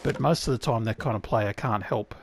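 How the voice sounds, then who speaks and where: A man's voice: fairly low pitch, a little fast. A man with an Australian accent giving wry, chatty commentary to himself as he plays a survival game. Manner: chatty, wry, talks to himself while playing. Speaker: gaming YouTuber. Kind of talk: casual gameplay commentary. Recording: clear background game noise.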